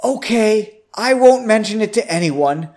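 A man voicing an amazed young man who speaks quietly in wide-eyed wonder. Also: high voice, lively intonation, unhurried, voice pushed up. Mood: hushed.

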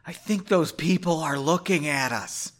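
A woman's voice: low voice, measured pace. A man reading the lines of a kind, modest young noblewoman in a comic story reading, speaking mildly. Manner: mild, soft-spoken.

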